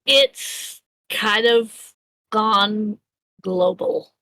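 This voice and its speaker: A woman's voice: mid-range voice, steady tone, drawn-out words, sharp tone, dry recording, poor audio. A woman narrating a tabletop game as game master, rambling with many fillers and restarts.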